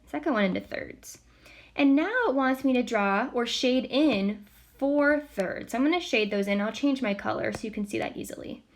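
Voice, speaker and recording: A woman teacher walking students through a recorded math lesson step by step, patient, counting aloud softly as she works. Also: fairly high pitch, normal speed.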